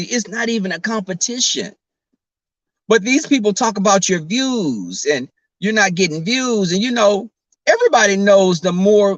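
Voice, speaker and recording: Sassy high-voiced man chatting on a livestream. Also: a bit bright, no echo. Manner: chatty, sassy, talks straight to viewers. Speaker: YouTuber. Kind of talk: casual livestream chat. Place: in a car while driving.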